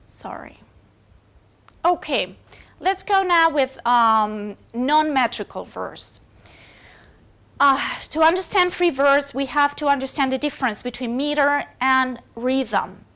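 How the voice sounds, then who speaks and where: Woman teaching a uni class, slow n hesitant, lots of uh and um, highish voice. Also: lively intonation, fairly bright tone. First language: Spanish. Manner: hesitant, many fillers and self-corrections. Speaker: university lecturer. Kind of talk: recorded lecture.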